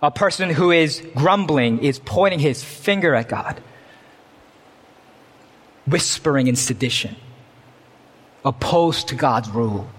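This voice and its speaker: A man's voice: mid-range voice, animated, takes it slowly, long pauses, slightly rough, in a large hall. A man preaching a sermon as pastor, earnest, reading scripture with rising emphasis. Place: church.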